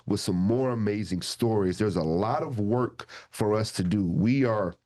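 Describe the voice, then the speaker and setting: Guy hosting a local podcast, kinda low voice, earnest, lots of ums. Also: darkish tone. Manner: earnest, uses filler ums and uhs. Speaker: host, state representative.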